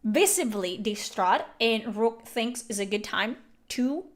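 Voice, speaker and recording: A woman's voice: on the high side, animated, takes it slowly. Blunt, sarcastic woman streamer. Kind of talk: live reaction commentary on a game.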